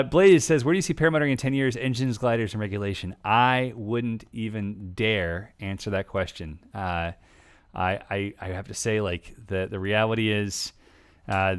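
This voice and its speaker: A man's voice: on the low side, smooth. A man hosting a livestream, reading viewer questions aloud and telling jokey, rambling stories. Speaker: livestream host. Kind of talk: casual livestream Q&A.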